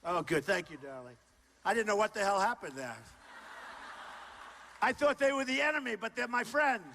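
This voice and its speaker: An older man addresses a rally crowd, his high-set voice forceful and tense. He talks off the cuff, repeats himself and keeps pushing the same points loudly. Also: expressive, normal speed, slight background noise. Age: 60s. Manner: loud, repetitive, ad-libbed crowd address. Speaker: political candidate. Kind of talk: campaign rally speech. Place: large rally hall.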